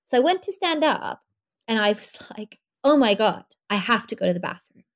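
A young woman, a podcast guest, telling her birth story in an animated way, laughing often. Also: on the high side, moderate pace.

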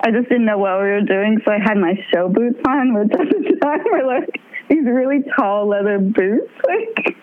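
A woman's voice: a little high, moderate pace. Bubbly young woman on a tinny phone line. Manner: bubbly, laughs often, animated storytelling. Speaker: touring musician, guest. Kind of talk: casual interview chat.

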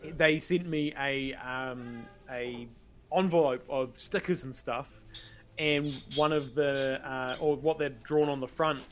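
A man hosting a podcast game show in relaxed, casual chat full of "um" fillers. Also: mid-range voice, slow, a little hiss or hum. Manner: relaxed, many "um" fillers, informal.

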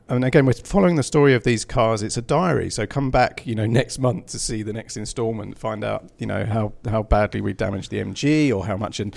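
A man's voice: on the low side, vocal fry. A man who edits a magazine, talking casually on a panel with lots of fillers and restarts. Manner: chatty, many fillers and restarts. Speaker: magazine editor.

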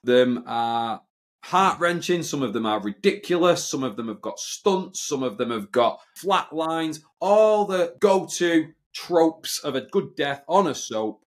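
A man's voice: on the high side, expressive, a little slow. A man co-hosting a podcast in casual banter, teasing and blunt, swearing casually. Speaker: podcast co-host.

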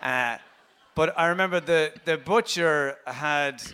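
A man's voice: fairly high pitch, bright, forceful tone, clear, resonant tone. A man with a Limerick Irish accent, a comedian guest telling playful anecdotes on stage. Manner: anecdotal, playful, does quick impressions. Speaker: comedian and meditation teacher guest. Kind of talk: storytelling on stage.

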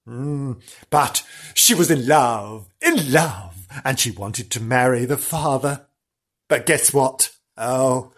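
A podcast host telling a history tale in a theatrical, gossipy, mock-dramatic way. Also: male voice, medium pitch, fairly bright tone, husky. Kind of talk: comic storytelling.

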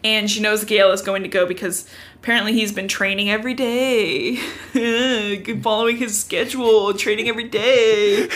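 A young woman co-hosting a podcast, recapping a book in casual chat, full of "like" and quick laughs. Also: medium pitch, steady tone, fairly bright tone. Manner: chatty recap filled with "like", laughing often. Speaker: podcast co-host.

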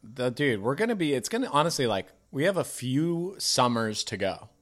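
Animated joking man on a podcast. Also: medium pitch, normal speed. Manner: jokey, puts on voices when quoting people. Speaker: podcast co-host. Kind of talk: casual chat.

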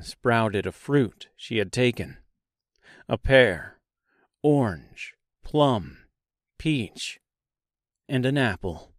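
A man narrating a dark fantasy audiobook in a measured, unhurried storytelling manner. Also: mid-range voice, dry recording, clean studio sound.

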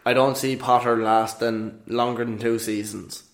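Brief: man, mid pitch, emphatic podcast co-host, football opinions. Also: flat delivery, moderate pace. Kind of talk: casual football chat.

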